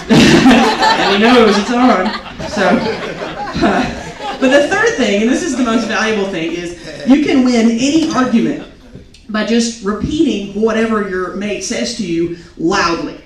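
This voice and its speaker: A woman's voice: mid-range voice, a little slow. A young woman performing a stand-up comedy set, telling self-mocking stories and acting out quotes. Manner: animated, self-mocking storytelling with acted quotes. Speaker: stand-up comic. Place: comedy club stage. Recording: echoey club recording from a distance, crowd noise. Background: audience laughing.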